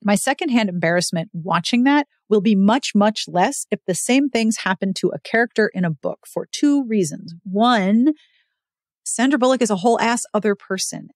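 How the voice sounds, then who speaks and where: Clean studio sound with no room echo carries the mid-range voice of a woman hosting a podcast. She chats casually about books and reading, emphatic and animated as she tells stories.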